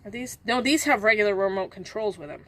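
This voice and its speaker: A woman's voice: mid-range voice, fast talker. A woman co-hosting an unboxing, chatty and teasing as she opens boxes. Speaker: co-host unboxing items. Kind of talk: casual unboxing chat. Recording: steady background noise.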